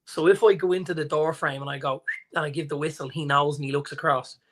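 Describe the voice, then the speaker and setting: A man in his forties with an Irish accent, co-hosting a podcast and telling stories in lively casual chat, acting out the people he quotes. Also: a little high, quick pace. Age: 40s. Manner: animated storyteller, acts out quotes. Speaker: podcast co-host.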